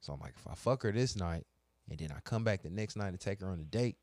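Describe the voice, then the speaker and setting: Low-voiced man, dry close sound. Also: fast, no room sound. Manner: animated, profane, acts out both sides of conversations. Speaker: podcast co-host telling stories. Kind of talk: casual crude storytelling.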